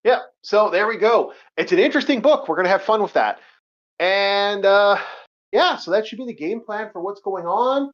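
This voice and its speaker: A man's voice: high voice, lively intonation, moderate pace, highs cut off. A man hosting a casual group voice call, loose and joking, swearing casually, recorded on a home computer mic. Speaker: host.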